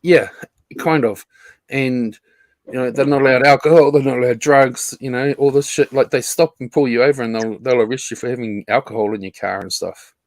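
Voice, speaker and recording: A man's voice: medium pitch, steady tone, brisk, darkish tone, no room sound. A man chatting loosely on a live stream in a mid-range voice, circling through "um"s and "like"s as he goes. He swears casually, and his voice sounds dry and close with no room around it. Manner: rambling, filler-heavy, swears casually. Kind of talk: casual chat.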